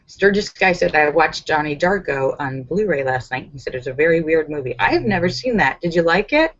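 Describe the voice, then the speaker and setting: A woman hosts a casual live stream, reading viewer comments, giggling often and chatting through fillers and restarts. Her voice is low-pitched and fairly quick with lively intonation, and the lo-fi stream audio sounds slightly dull.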